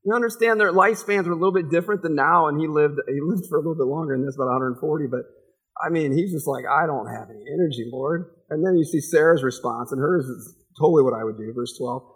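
Speaking fast in a slightly high, husky voice, this forties-aged pastor gives an informal, conversational sermon. He laughs often and plays out the characters from the story.

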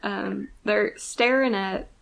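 A woman co-hosting a casual fan podcast, blunt and swearing, with quick asides. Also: medium pitch, fairly even intonation, vocal fry, fairly bright tone. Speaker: podcast co-host.

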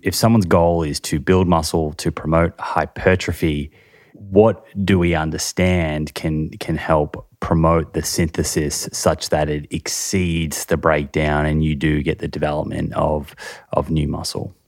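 A man hosting a podcast, asking his guest questions in a measured, careful way. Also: a bass voice, little pitch movement, darkish tone, no room sound, clean studio sound. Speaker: podcast host. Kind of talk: interview questions.

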